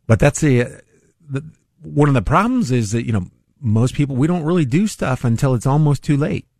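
A man's voice: medium pitch, creaky, a little mellow, no echo, studio quality. An older man from Northeast Ohio hosting a radio talk show, rambling casually and chuckling at his own jokes. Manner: rambling, chuckling, self-deprecating. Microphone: studio microphone.

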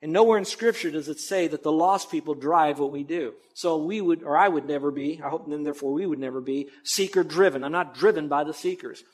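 A man's voice: on the high side, brisk, hardly any pauses, darkish tone. A man pastor preaching a sermon in a conversational, emphatic way with asides to the congregation.

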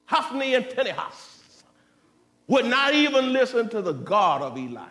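A pastor delivers a fiery sermon in a high voice, suddenly climbing into shouts and then dropping into slow, heavy warnings. His manner is folksy, speaking directly to the congregation. His voice echoes through a spacious church sanctuary.

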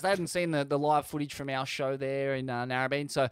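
High-voiced sweary Australian man. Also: fast, clear, resonant tone, no echo, studio quality. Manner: rambling, sweary, animated. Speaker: podcast co-host. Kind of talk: casual chat.

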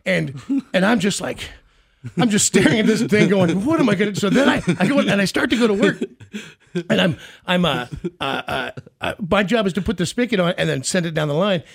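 A middle-aged man from the Kansas City area, hosting a casual chat and telling a story with animated, acted-out quotes. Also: high voice, a little fast, gravelly, breathy edge. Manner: animated storyteller, acts out quoted voices loudly.

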